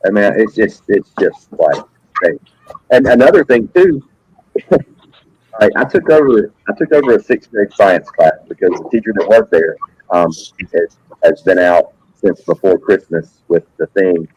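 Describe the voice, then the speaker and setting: A man who teaches sixth-grade science, telling animated classroom stories in casual chat with restarts and repeats. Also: low-pitched, moderate pace, a little hiss or hum, poor audio. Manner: animated anecdotes with frequent repeats. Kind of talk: casual storytelling on a live stream.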